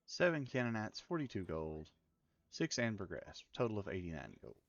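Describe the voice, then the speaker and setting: A man's voice: fairly low pitch, big pitch swings, normal speed, creaky, highs cut off. A man with a Tennessee accent, streaming a game and muttering his way through it while chatting to viewers. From Middle Tennessee, US. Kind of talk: casual live game commentary.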